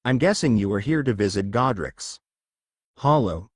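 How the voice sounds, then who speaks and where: A man reading the lines of a gentle, caring adult guardian wizard. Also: on the low side, lively intonation, normal speed, slightly rough, no room sound, clean studio sound.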